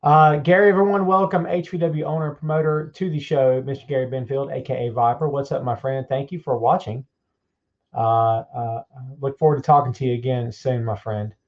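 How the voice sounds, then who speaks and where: A man's voice: medium pitch, fairly even intonation, a little fast, muffled recording. A man hosting a live podcast stream, greeting viewers by name in an upbeat, folksy, chatty way. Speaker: podcast host.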